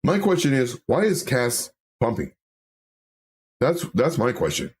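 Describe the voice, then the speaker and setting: A man's voice: medium pitch, huge pitch swings, a little slow. A man hosting a casual livestream, chatting with viewers and talking through charts, often repeating his words. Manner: chatty, reads viewer comments aloud, repeats himself. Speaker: livestream host reading chat. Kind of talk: casual live-stream chat and chart analysis.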